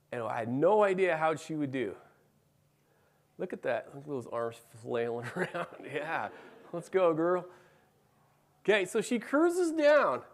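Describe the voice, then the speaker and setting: A middle-aged man giving a conference talk, telling a story about his family and acting out their dialogue. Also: mid-range voice. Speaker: conference speaker. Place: conference room.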